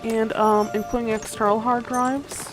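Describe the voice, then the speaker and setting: A young woman streamer with a fairly high voice chats loosely while she plays, trailing off and restarting her sentences. She sounds a little sleepy, and soft game music plays faintly behind her. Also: level tone, unhurried. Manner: rambling, chatty, many fillers and restarts. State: sleepy, yawning. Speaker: gaming streamer. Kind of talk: casual livestream chat while gaming.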